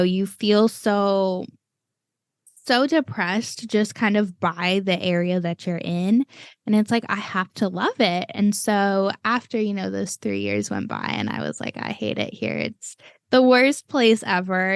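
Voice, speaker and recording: A woman's voice: medium pitch, no echo, clean studio sound. A young adult woman talking casually as a podcast guest, rambling with many fillers like "you know" and "like". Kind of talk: casual interview chat.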